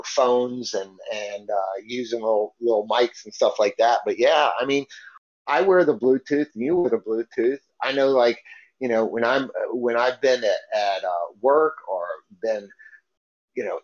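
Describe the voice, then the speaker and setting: Rambling man on a podcast. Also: mid-range voice. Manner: rambling, with restarts and repeated phrases. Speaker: podcast co-host. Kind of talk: casual podcast chat. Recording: dull lo-fi podcast recording.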